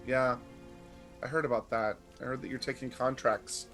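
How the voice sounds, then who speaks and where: A man's voice: medium pitch, steady tone, moderate pace, a bit bright, faint music behind, close to an everyday voice. A man playing an earnest sibling in a tabletop game, speaking plainly and pressing the point in his own voice. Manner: earnest, persistent, plain-spoken. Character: earnest, steady sibling sent by Mom. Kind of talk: live tabletop role-play.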